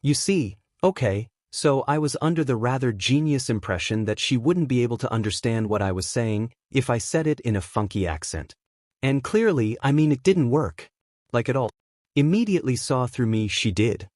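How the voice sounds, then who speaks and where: A man's voice: medium pitch, expressive, normal speed, a little mellow, no echo, clean studio sound, natural voice. A man voicing a bumbling male robot sphere who rambles sheepishly about his own blunders. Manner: rambling, self-deprecating.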